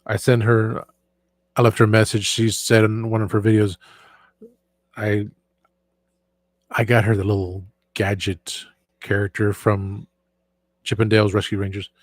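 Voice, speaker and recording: A man with a sore, hoarse voice hosting a casual livestream and rambling with frequent restarts. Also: on the low side, level tone, measured pace, pauses often, no echo. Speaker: show host.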